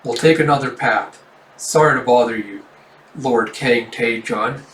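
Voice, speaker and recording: A man voicing a cold, commanding male ruler who gives slow, curt orders. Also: medium pitch, fairly bright tone, natural voice. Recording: roomy, distant mic.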